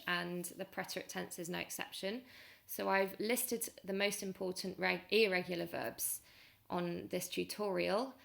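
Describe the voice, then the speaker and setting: A woman's voice: lowish voice, vocal fry, a bit bright. A woman, patiently explaining a grammar lesson step by step as a language teacher.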